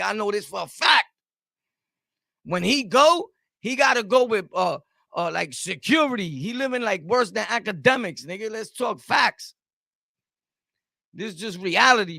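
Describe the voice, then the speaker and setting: A man's voice: high voice, creaky, bright, forceful tone, dry recording, studio quality. A man with a Brooklyn accent, a streamer ranting heatedly at his chat and repeating his points over and over. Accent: Brooklyn New York. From Brooklyn, New York. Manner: heated, combative, repeats himself. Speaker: streamer host. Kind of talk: live-stream rant answering chat.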